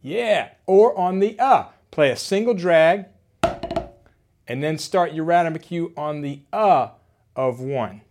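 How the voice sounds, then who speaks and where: A man giving an energetic, playful drum lesson, calling out rudiment names between demos. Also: fairly high pitch, takes it slowly, noisy background. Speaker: drum educator.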